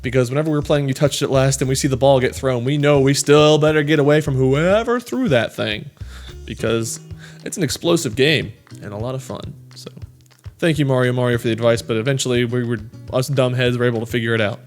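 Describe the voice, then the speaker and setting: A man's voice: medium pitch, brisk, faint music behind. Rambling man reading viewer comments. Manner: rambling, self-deprecating, filler-heavy. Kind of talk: casual chat.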